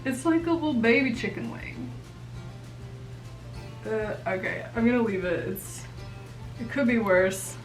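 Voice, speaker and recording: A woman's voice: a little high, lively intonation, a little slow, long pauses, soft background music. Playful young woman in a roomy echo. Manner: playful, self-mocking. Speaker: makeup vlogger. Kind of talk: casual chat. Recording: roomy echo, mic at a distance.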